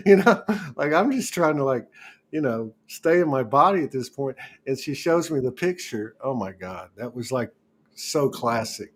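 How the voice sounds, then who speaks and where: A man's voice: mid-range voice, sing-song, moderate pace. A man hosting a casual spiritual talk show, rambling and restarting as he tells stories and laughs along. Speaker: host.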